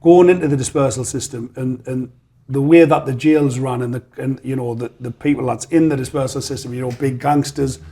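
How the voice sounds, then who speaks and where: Podcast host guy, mellow warm tone, keeps saying yeah yeah. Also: medium pitch, steady tone. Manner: frequent quick backchannels like "yeah, yeah". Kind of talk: casual interview chat.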